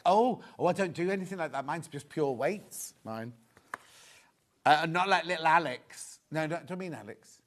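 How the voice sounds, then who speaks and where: A man's voice: sits high, animated, normal speed, fairly bright tone. A middle-aged man hosting a live shopping show, chatting and rambling through jokey asides between prices. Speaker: shopping channel host. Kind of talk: live TV selling, casual chat.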